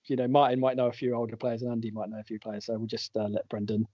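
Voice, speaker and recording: A man's voice: mid-range voice, completely flat delivery, fast, no room sound. A man hosting a casual podcast and running a quiz, joking and laughing often as he reads out the answers. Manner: jokey, laughs often while reading out answers. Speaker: podcast host and quizmaster. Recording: dull lo-fi dry audio.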